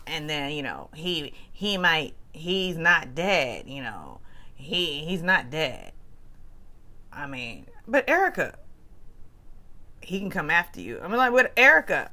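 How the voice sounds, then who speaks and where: A woman recaps reality TV in a casual, gossipy voice. Her pitch swings up and down animatedly, and she talks in chatty, quick-changing bursts. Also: bright, forceful tone. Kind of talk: casual commentary.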